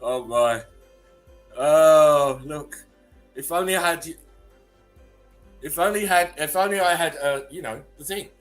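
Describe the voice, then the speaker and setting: A man's voice: on the high side, measured pace, pauses often, soft background music. A man casually reading memes aloud as host, laughing often between them.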